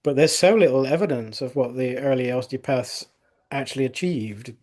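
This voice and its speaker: A man's voice: mid-range voice, moderate pace, darkish tone. A man in his fifties, an osteopath, telling a case story in an interview, rambling with many fillers and restarts. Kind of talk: interview anecdote.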